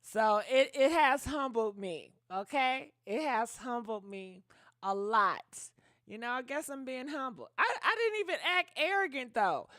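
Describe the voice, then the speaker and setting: A woman's voice: fairly high pitch, animated, unhurried, fairly bright tone, no room sound, clean studio sound. A young woman hosting a gossip livestream, chatting casually and dramatically with viewers and thanking donors. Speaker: gossip channel host.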